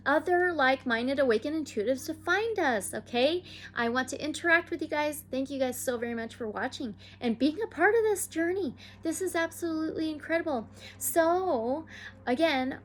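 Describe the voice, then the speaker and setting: A woman talking to her channel's viewers, reading a soft guided meditation and later chatting excitedly outdoors near her chickens. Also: high voice, a little hiss or hum. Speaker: tarot reader and channel host.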